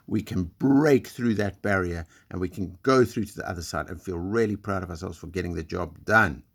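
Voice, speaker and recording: Low-voiced man encouraging young children. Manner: gentle, encouraging, speaks simply to young children. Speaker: school assembly leader. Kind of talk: recorded school assembly talk.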